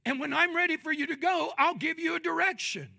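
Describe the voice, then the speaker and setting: A pastor delivering a sermon, moving between quiet, measured talk and loud, drawn-out shouts. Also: male voice, extremely high pitch, vocal fry. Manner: drawn-out, emphatic phrasing.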